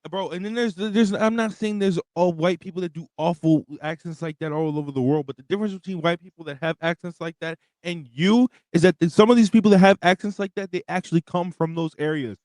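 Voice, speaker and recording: A young man co-hosting a wrestling podcast, ranting in an animated, profane way. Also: high voice, fairly quick, few pauses, dry recording. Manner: animated, profane, reads out superchats. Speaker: podcast co-host. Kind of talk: casual wrestling podcast rant.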